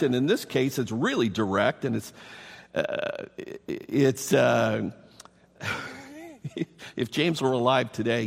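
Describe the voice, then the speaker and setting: A man preaching a sermon, emphatic and animated, with playful asides to the congregation. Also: a little high. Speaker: pastor. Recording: long hall reverb.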